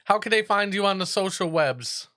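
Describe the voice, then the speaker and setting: Easygoing male talk-show host, smooth and bright voice, slightly higher pitch. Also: normal speed. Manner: relaxed, easygoing, paraphrases the guest. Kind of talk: casual interview.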